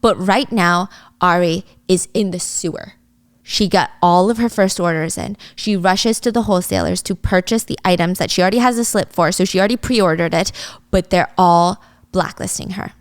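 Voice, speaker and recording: A woman's voice: on the low side, normal speed, no room sound. A woman in a casual, chatty recap of a drama plot. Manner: chatty, animated.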